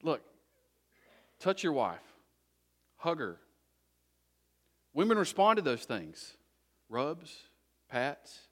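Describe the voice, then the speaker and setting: A middle-aged pastor delivers a sermon, speaking in a slightly higher voice than most men. He talks to the congregation conversationally and drives his points home by repeating short, punchy exhortations. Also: sing-song, very slow, long pauses.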